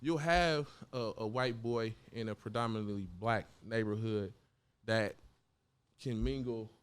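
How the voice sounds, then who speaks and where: The voice is low-ish and a little slow, with a clean tone: a young adult rapper from Oakland, California, loosely chatting in an interview. He uses plenty of slang and animates his stories by performing quotes from others.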